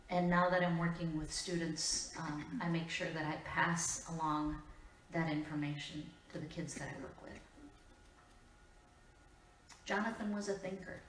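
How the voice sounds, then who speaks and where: A woman's voice: fairly low pitch, fairly even intonation, distant mic, a little hiss or hum. Woman preaching in an echoey church. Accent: Upper Midwest American. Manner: measured, earnest delivery with deliberate pauses. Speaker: pastor. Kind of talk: sermon. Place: church sanctuary. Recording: echoey church room, voice from afar.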